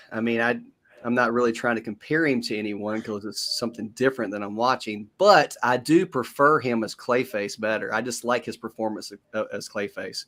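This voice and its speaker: A man's voice: mid-range voice, pushed and bright. A man speaking as a panelist on a casual live stream, easygoing, often chiming in with short agreeing replies.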